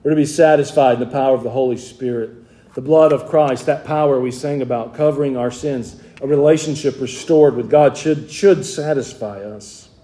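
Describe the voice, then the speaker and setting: A man's voice: mid-range voice, moderate pace, warm tone. A man with a Southern US accent preaching a sermon in a conversational way, asking his congregation rhetorical questions. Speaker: pastor.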